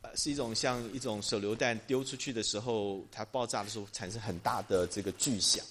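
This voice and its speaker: A man's voice: on the low side, steady tone, a little fast, fairly bright tone, a little hiss or hum. Man interpreting a sermon, hesitant. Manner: hesitant, many filler sounds. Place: church.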